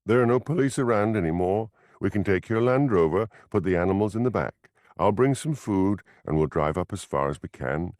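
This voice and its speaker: A man voicing a composed adult woman who speaks in a calm, even voice, in a storybook. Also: fairly low pitch, brisk, few pauses, dry recording, studio quality, voice pushed up, natural voice.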